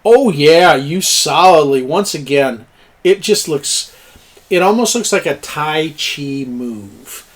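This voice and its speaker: A man's voice: a little high, lively intonation, slow pace. A man narrating a tabletop game as game master, chuckling and cheering on the players' rolls. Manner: chuckling, encouraging, plays up dice rolls.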